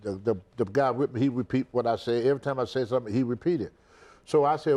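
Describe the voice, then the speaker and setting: This retired pro wrestler, now an older man, talks quickly in a mid-range voice while recounting an animated interview story. He gives each person in the tale their own voice.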